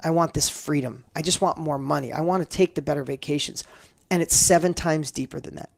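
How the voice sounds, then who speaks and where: Fast-talking gravelly middle-aged man. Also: fairly high pitch, no echo, clean studio sound. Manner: emphatic, builds up with repeated phrases. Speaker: guest entrepreneur. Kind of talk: conversational storytelling interview.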